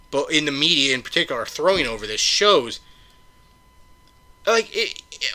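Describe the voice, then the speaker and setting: Forceful, profane man ranting on a podcast. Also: a little high. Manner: profane, sarcastic, heated ranting; rhetorical questions, mocking. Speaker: podcast host. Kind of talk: solo political rant.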